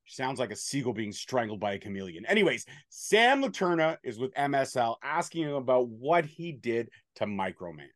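Here is a man at an ordinary middle pitch, talking casually as a show host and running through a recap with swearing and teasing jabs. His voice sits close and dry, with no room sound around it. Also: sing-song, normal speed, hardly any pauses, dry recording. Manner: profane, bantering play-by-play recap. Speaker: podcast host recapping wrestling. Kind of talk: casual chat.

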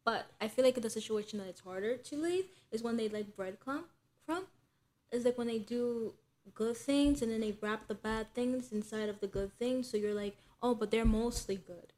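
A woman's voice: a little high, moderate pace, darkish tone. A young woman co-hosting a casual podcast chat, talking loosely with lots of "like" fillers and thinking aloud. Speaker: podcast co-host.

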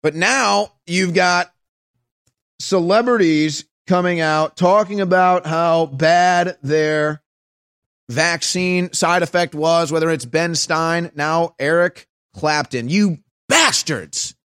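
A man's voice: slow, fairly bright tone, clear, resonant tone. A man hosting a political commentary show, ranting sarcastically and mocking others in put-on voices. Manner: sarcastic, mocking, mimics voices in high pitch. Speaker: talk show host.

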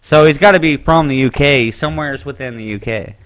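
A man's voice: mid-range voice, a little fast, a bit bright. A man in casual chat, laid-back and agreeable, swearing easily as he talks.

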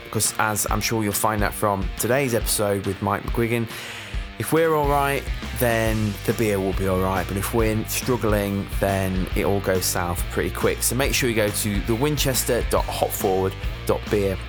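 A male podcast host runs through his plugs in a relaxed, chatty way, with plenty of fillers. His voice sits a little low. Guitar music plays clearly behind him. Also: moderate pace. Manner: chatty, upbeat plugging, filler-heavy. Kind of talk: podcast promo and interview.

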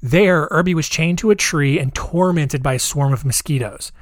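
A man's voice: a little high, normal speed, dry recording, studio quality. Casual man telling a history story. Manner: conversational, many fillers and asides; jokey, wry asides.

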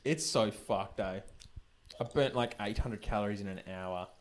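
A man's voice: on the low side, normal speed. A young man telling a story in casual chat, swearing often and laughing as he goes. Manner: swears a lot, laughs through his stories. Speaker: podcast co-host.

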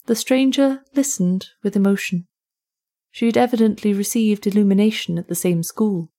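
A woman who narrates a short story and hosts the show, reading in a measured, even way. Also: mid-range voice. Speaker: narrator and host.

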